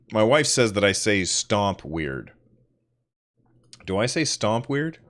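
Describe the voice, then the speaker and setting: A man's voice: lowish voice, sing-song, slow pace, a bit bright. Rambling man hosting a solo podcast. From northern United States. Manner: rambling, self-deprecating storytelling. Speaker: podcast host. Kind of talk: casual solo livestream chat.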